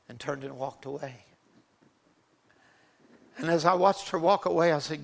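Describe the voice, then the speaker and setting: A man's voice: on the high side, moderate pace, vocal fry, pauses often, a bit bright. A man preaching a sermon, telling a personal testimony in an earnest, fervent way. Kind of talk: sermon storytelling.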